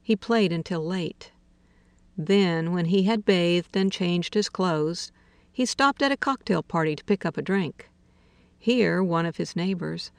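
A woman reading a literary short story aloud in a slow, measured way, dropping to a hush for quiet dialogue. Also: fairly low pitch, vocal fry, dry recording. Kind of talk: audiobook narration of literary fiction.

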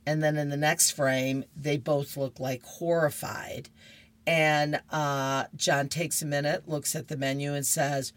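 A woman's voice: sits low, fairly even intonation, unhurried. A woman reading comic strips aloud on radio, chatty with laughing asides. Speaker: radio reader.

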